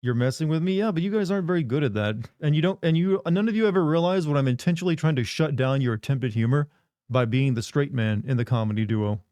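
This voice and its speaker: A man's voice: a little high, quick pace, darkish tone, dry recording. A man hosting a live stream, joking and rambling in casual banter with his chat on a close desk mic. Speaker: livestream host.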